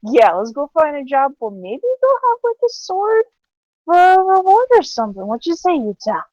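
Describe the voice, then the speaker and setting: A woman's voice: high-pitched, very animated, moderate pace, darkish tone, no room sound, dull audio. Woman doing a drunk seventies hippie woman. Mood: tipsy, earnest. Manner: slurring, rambling, overly friendly. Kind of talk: tabletop role-play.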